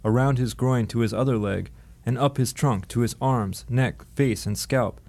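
Male audiobook narrator, steady, dry delivery, middle pitch. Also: normal speed, creaky.

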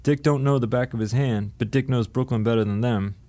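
A man voicing a laid-back Brooklyn van driver who talks about himself in the third person and calls people brah, a little higher than his own voice. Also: brisk, warm tone, natural voice. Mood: easygoing.

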